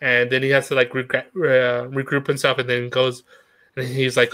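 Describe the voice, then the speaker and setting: A man's voice: medium pitch, completely flat delivery, normal speed, fairly bright tone. A man chatting casually, rambling with frequent laughs and casual swearing. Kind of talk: casual chat.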